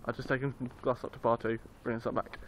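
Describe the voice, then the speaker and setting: A man's voice: mid-range voice, flat delivery, quick pace. A young man, vlogging casually into his phone, rambling and swearing as he tells a story. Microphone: handheld phone. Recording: noisy street recording on a phone.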